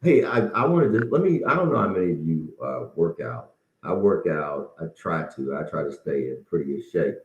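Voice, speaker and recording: A man's voice: sits low, expressive, normal speed. A middle-aged man hosting a casual solo podcast, folksy and encouraging, slightly out of breath. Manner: folksy and encouraging, with frequent restarts. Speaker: podcast host. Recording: roomy, dull lo-fi sound.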